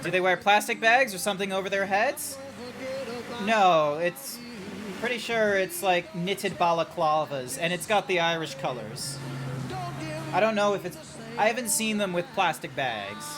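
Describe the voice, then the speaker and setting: A man's voice: sits high, lively intonation, moderate pace. A man in casual, rambling commentary while streaming a video game, full of asides. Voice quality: rambling, lots of fillers and asides. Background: music playing.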